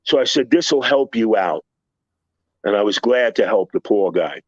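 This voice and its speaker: A man's voice: fairly low pitch, lively intonation, measured pace, no room sound, lo-fi sound. Profane older man telling a heated story. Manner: profane, heated retelling with acted-out quotes. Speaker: construction contractor guest. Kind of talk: storytelling in a podcast interview.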